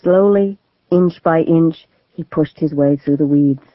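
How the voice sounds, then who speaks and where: A woman narrating a thriller audiobook in a measured, steady storytelling manner, on a tinny, phone-like recording. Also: sits low, no room sound. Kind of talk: scripted narration of a legal thriller.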